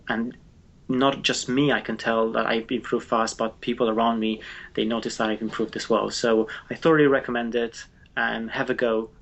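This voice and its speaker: A man giving a hesitant testimonial, full of ums and restarts. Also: medium pitch. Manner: hesitant, filler-heavy. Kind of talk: spoken testimonial.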